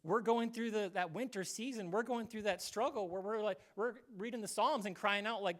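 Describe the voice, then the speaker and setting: A man's voice: high-pitched, moderate pace, few pauses. Man preaching a conversational sermon. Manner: conversational, acts out little quoted voices. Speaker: pastor.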